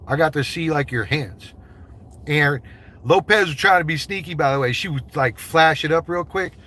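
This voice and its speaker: A man's voice: on the high side, normal speed, pushed and bright. Man doing a loose, profane livestream chat. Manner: loose, profane, joking banter. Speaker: livestreamer chatting with viewers.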